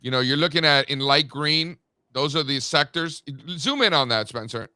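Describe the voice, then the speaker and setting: A man's voice: a little high, expressive, normal speed, pushed and bright, smooth, dry recording, studio quality. A man co-hosting a casual market show, loose and joking in manner. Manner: loose, joking, says "dude" and "like". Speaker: co-host.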